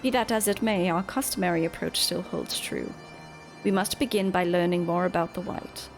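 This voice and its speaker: A woman's voice: fairly low pitch, normal speed, gravelly, soft background music. A woman voicing an earnest young male scholar with formal, old-fashioned wording.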